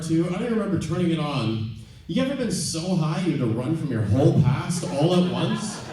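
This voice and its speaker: A man doing stand-up, telling a rambling, self-deprecating story with halting ums and restarts. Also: mid-range voice. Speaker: stand-up comedian. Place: theater stage before a live audience. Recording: echoey venue from far off.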